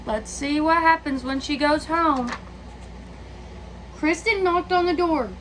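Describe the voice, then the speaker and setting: A woman reading a children's picture book aloud, pausing to ask her listeners questions. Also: high-pitched, a little hiss or hum, rough recording.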